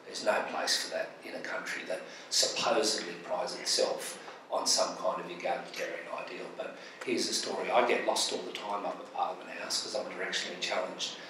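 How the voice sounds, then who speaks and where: Speaking on a public panel as a charity advocate, an Australian man tells stories with passion and emphasis, driving points home through repetition. His low voice is level, sharp, and a little fast, heard distantly in an echoey hall with faint noise.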